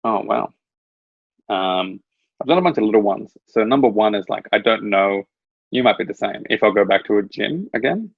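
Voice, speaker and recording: A man's voice: lowish voice, animated, normal speed, vocal fry, breathy edge, no echo, phone-quality sound. A man chatting casually as a guest over a video call, rambling through stories and laughing at his own anecdotes. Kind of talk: casual chat.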